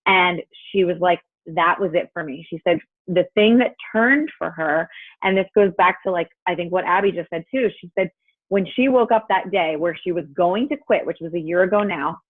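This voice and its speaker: A woman's voice: lowish voice, brisk, dry recording. A woman telling a story on a group video call through an earbud, chatty and full of fillers and quoted dialogue. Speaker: team member sharing a story. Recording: tinny phone-like call audio.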